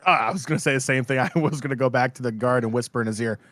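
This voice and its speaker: A man playing a tabletop game, rushed and giggly. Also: medium pitch, fairly bright tone, no echo, clean studio sound. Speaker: player. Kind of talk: casual tabletop role-play.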